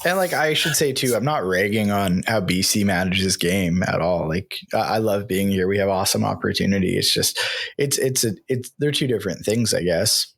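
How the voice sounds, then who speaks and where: A man hosting a podcast, telling stories in an animated, excitable way during a casual chat. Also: fairly low pitch, moderate pace, vocal fry. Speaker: podcast host. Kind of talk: casual conversation.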